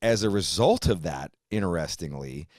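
Middle-aged male host, very deep dry voice, profane and animated. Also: moderate pace, dry recording. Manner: profane, animated, mimics people in put-on voices. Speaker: podcast host. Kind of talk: casual conversation.

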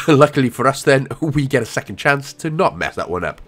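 A man's voice: mid-range voice, sing-song, brisk, few pauses, fairly bright tone. A young Welsh man giving casual, rambling gameplay walkthrough commentary with jokey asides. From Wales.

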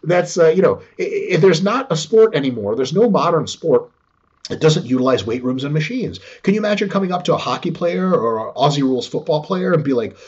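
A man's voice: on the high side, lively intonation, fairly quick, darkish tone, husky, dull audio. A man as a podcast guest who talks about training, swearing freely and acting out little dialogues. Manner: profane, acts out little dialogues. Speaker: podcast guest, sport scientist. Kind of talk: animated podcast conversation.

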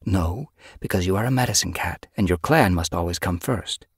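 A man voicing a gentle, wise female spirit cat in an audiobook, speaking softly and gravely with sympathy. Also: low-pitched, normal speed, no echo, studio quality. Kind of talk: audiobook character voice.

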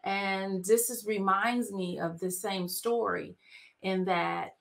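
A woman co-pastor joining the sermon, calmly telling a counseling story in a measured way. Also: medium pitch, creaky. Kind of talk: sermon dialogue, telling an anecdote.

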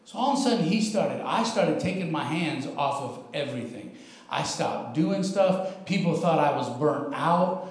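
A man's voice: on the high side, animated, normal speed. A man preaching a sermon as pastor, telling a candid personal story with frequent chuckles and a casual "man" in his speech. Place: church sanctuary. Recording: very echoey church room.

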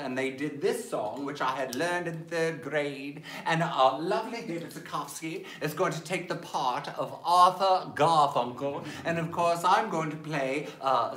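A man's voice: fairly high pitch, unhurried, few pauses, fairly bright tone, roomy sound. A man in his fifties from Maryland with a Southern accent, hosting a campy cabaret show with languid, theatrical patter, calling everyone darling. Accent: Southern American. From Maryland, USA. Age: 50s. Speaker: cabaret host. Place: home during lockdown livestream.

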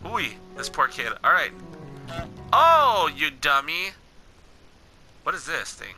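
A young man giving casual, excitable gameplay commentary, talking at the game characters in slangy speech. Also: on the high side, takes it slowly, faint music behind, rough recording. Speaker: gaming channel host.

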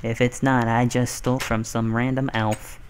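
A man's voice: mid-range voice, level tone, moderate pace, slight background noise. A young man giving goofy, self-mocking commentary as he plays through a game. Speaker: gaming channel host. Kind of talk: casual let's play commentary.

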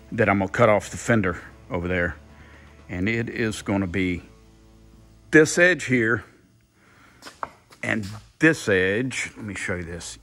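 Slow, rambling man in his workshop. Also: fairly low pitch, fairly bright tone. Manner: rambling, thinks aloud, repeats himself. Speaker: car builder, channel host. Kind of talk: casual workshop vlog.

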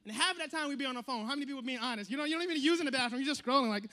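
A man preaching a sermon in an animated way, repeating phrases and acting out quotes. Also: very high-pitched, racing, hardly any pauses.

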